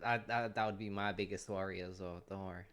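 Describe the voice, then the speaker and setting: A man with a fairly low voice reacts to a clip in short, relaxed comments. A faint hiss of ambient noise sits behind him. He sounds like a reaction host chatting casually. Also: quick pace. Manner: relaxed, brief remarks.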